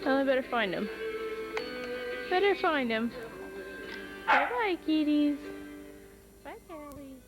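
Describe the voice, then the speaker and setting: A woman's voice: sits high, expressive, normal speed, long pauses, loud music behind the voice. A woman filming on a farm, chatting to her kittens and horses in a sing-song pet voice, held camera outdoors. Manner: sing-song baby talk to pets. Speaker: farm vlogger. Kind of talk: casual talk to animals while filming. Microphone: handheld camera.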